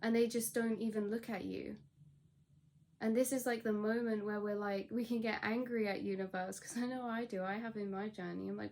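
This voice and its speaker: A woman's voice: mid-range voice, steady tone, brisk, vocal fry, darkish tone, a little hiss or hum. A woman giving a general tarot reading as a rambling spoken monologue, acting out quoted thoughts with many restarts. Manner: rambling, storytelling with restarts and quoted inner voices. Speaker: tarot reader.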